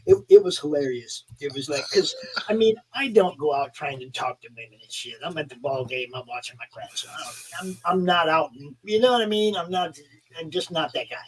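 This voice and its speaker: A man's voice: fairly high pitch, animated, fairly quick, low-quality recording. An older man, a grandfather, co-hosting a casual chat and telling rambling stories with laughter. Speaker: co-host.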